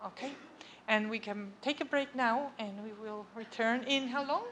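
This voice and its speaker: A woman's voice: on the high side, normal speed, a bit bright. A woman giving an academic lecture in a conversational way, often checking in with her audience. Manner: conversational, checks understanding with frequent "okay?" and "right?". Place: lecture room.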